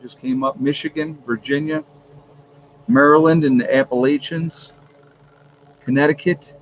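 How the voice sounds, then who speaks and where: A man's voice: fairly high pitch, fairly even intonation, a little slow, lo-fi sound, a little hiss or hum. A man hosting a casual home livestream, rambling easily and reading off viewers' locations one after another. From New York. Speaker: livestream host. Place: at home with a fan running.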